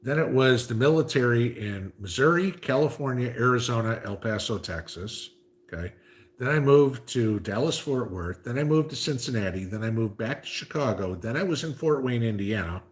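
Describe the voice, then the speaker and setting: A man's voice: mid-range voice, expressive, normal speed. A man hosting a casual livestream, reading viewer comments and chatting, with frequent "okay?" asides. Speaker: livestream host reading chat.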